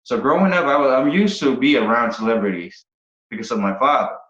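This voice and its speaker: A man from the Philippines, a guest musician, talking casually in an interview, often pausing and restarting his sentences. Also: mid-range voice, lively intonation, a bit bright. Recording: roomy, dull podcast audio.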